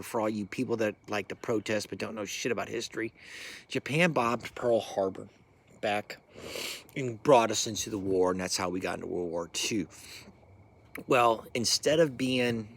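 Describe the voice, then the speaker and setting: A middle-aged man who served in the military, giving an angry, profane, rambling rant that swings from low mutters to loud bursts. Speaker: military veteran ranting.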